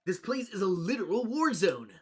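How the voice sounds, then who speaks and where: A streamer voicing a laid-back surfer-dude mushroom king with slangy, excitable speech, reading video game dialogue aloud. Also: mid-range voice, normal speed, breathy edge, soft background music, pitched above the performer's own voice. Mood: stoked.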